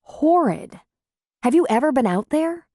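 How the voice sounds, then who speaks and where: A woman's voice: high voice, big pitch swings, a little slow, warm tone, no room sound, clean studio sound, voice pushed up. A woman voicing an earnest, troubled city nurse practitioner in an audiobook.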